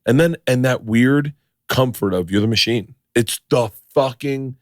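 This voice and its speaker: A man hosting a podcast, telling stories in a rambling, excitable way and swearing freely. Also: mid-range voice, unhurried, no room sound, studio quality. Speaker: podcast host. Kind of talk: casual podcast chat.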